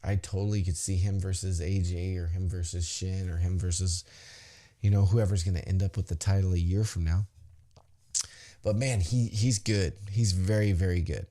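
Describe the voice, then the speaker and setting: Man, podcast host, casual recap, excited, chatty, fairly low voice. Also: moderate pace. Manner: enthusiastic, conversational, with fillers.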